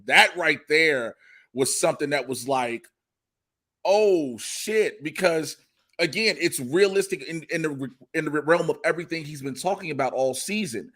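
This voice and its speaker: A man co-hosting a podcast over a remote call, his voice a little high. He talks in an animated way, swears freely and acts out his own reactions. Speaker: podcast co-host. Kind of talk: casual podcast chat.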